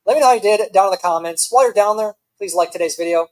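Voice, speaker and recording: A man's voice: high-pitched, very fast, low-quality recording. A man hosting a reaction video with sarcastic, mocking commentary. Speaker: host.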